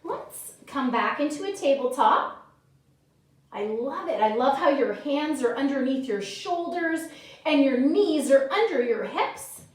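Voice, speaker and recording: A woman leading a children's yoga class and telling a story, gently cueing breaths and moves and praising often. She sounds far from the mic in an echoey room. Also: sits high, animated, measured pace. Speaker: kids' yoga teacher.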